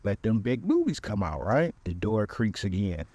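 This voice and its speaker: A man's voice: on the low side, normal speed, husky. Man telling a funny dating story. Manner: animated storyteller, talks right to listeners. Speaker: podcast host. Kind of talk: comedic dating story time.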